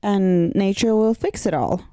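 A woman co-hosting a casual podcast, calmly talking through a comic's story. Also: mid-range voice, unhurried, clear, resonant tone, no echo, clean studio sound. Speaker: podcast co-host. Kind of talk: casual chat about a comic series.

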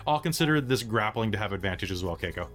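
A man's voice: lowish voice, expressive, fast, fairly bright tone. A man running a tabletop game as game master, narrating scenes and calling for checks in a casual, chatty way. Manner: casual, chatty, many fillers.

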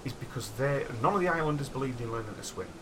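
A man's voice: medium pitch, expressive, fast talker. A man, telling a spooky history story in a rambling, casual way with many restarts. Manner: rambling, restarts, dramatic asides. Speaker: podcast storyteller. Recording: noisy background.

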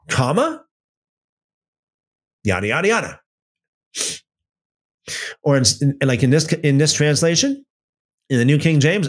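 A man giving informal Bible teaching in an emphatic, animated way, often restarting and using fillers. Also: a little high, measured pace, long pauses.

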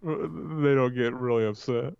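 A man co-hosting a casual movie commentary podcast, talking in halting, profane bursts full of restarts. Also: mid-range voice, a little hiss or hum. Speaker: podcast co-host. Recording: dry, dull lo-fi sound.

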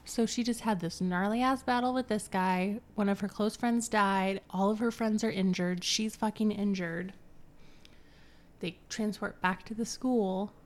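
A woman's voice: mid-range voice, fairly even intonation, unhurried. A woman co-hosting a podcast, recapping a novel in casual chat, swearing freely and acting out the characters' lines. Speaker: podcast co-host.

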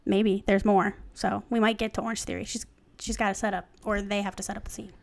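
A woman's voice: mid-range voice, level tone, fast talker. A woman co-hosting a casual podcast, reading a fan story aloud and breaking off to joke and comment. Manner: chatty, joking, stops to comment.

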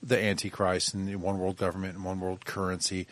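A man co-hosting a casual podcast, talking in quick bursts with frequent restarts and sudden lively bits of mimicry. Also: deep voice. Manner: talks in bursts, restarts often, animated when mimicking others. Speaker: podcast co-host.

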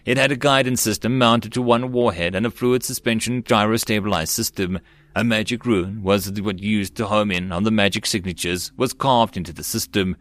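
A man narrating a web-novel audiobook in a steady storytelling manner. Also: fairly low pitch, no echo. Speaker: audiobook reader.

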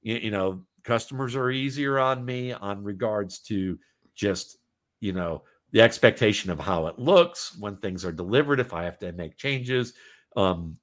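A man's voice: fairly low pitch, unhurried. A talkative man chatting as a podcast guest, rambling with many restarts. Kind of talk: casual podcast conversation.

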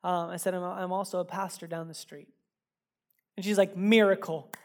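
A man's voice: sits high, level tone, normal speed, a little mellow. A man preaches in a church service, speaking directly to his congregation. His sermon unfolds in a loose, conversational way, with personal stories and self-deprecating jokes. He often repeats a word or two before a thought comes out. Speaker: pastor.

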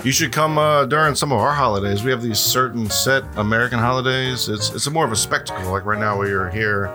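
A man's voice: medium pitch, quick pace, music in the background. A man hosting a podcast in casual joking chat, rambling and stumbling over words with frequent laughter. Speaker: podcast host.

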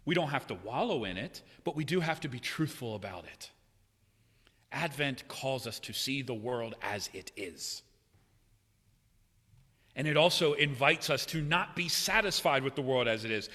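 A man preaching a sermon in a church, swinging between loud, raised cries and hushed, low passages. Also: expressive, normal speed. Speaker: pastor. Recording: long hall reverb.

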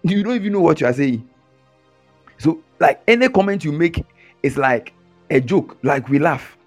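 A man's voice: on the high side, moderate pace, faint music behind. Man preaching with mocking mimicry. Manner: animated, mocking mimicry, frequent chuckles. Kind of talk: sermon.

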